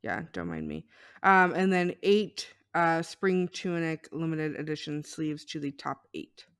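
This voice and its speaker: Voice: medium pitch, animated, fairly bright tone, smooth. A podcast co-host reading news items in a casual, hesitant way, correcting themself as they go. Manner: unhurried, hesitant, self-correcting.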